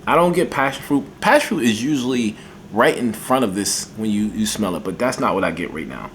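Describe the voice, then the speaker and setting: Low-voiced excitable man reviewing scents. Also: fairly quick, a little hiss or hum. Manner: excitable, enthusiastic, folksy. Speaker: fragrance reviewer. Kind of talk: casual review vlog.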